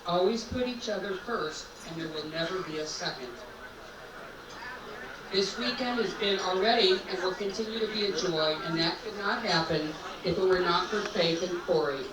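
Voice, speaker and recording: A woman's voice: lowish voice, crowd noise. Middle-aged woman, heartfelt toast, echoey hall, distant mic. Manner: earnest, sentimental, measured. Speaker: groom's mother giving a toast. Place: banquet hall at a rehearsal dinner. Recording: echoey hall recorded from afar, background noise.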